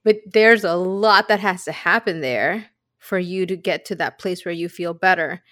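A woman co-hosts a podcast in a lowish, slightly bright voice at normal speed, recorded dry at studio quality. In casual chat she's reflective and candid, sharing personal stories.

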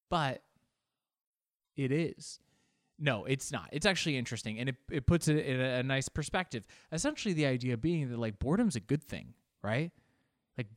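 A man's voice: mid-range voice, no echo, clean studio sound. A man talking casually on his own, rambling and poking fun at himself, acting out little imagined conversations. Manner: rambling, self-mocking, acts out little quoted exchanges. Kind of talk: casual monologue.

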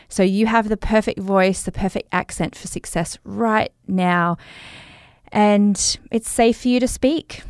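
A woman's voice: mid-range voice, steady tone, a little slow, smooth, no echo, studio quality. A woman with an Australian accent hosting a podcast, giving encouraging coaching tips and affirmations in a casual chatty way. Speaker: podcast host.

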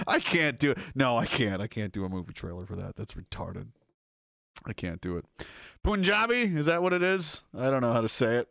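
A man's voice: mid-range voice, very animated, normal speed, vocal fry, a bit bright, no room sound, clean studio sound. A man hosting a live stream, reading out chat and rambling in a casual, profane way while laughing often.

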